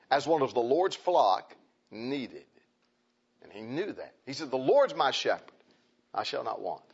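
A man's voice: medium pitch, slightly rough. A man preaching a sermon in church, folksy and conversational, rising to emphatic passages. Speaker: pastor. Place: church sanctuary. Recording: muffled lo-fi recording.

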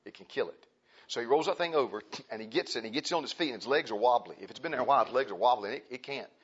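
A Baptist pastor preaching a sermon in a church, repeating phrases and asking the congregation questions. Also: male voice, medium pitch, animated, rapid-fire, slight background noise. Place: church sanctuary. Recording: dull lo-fi church recording.

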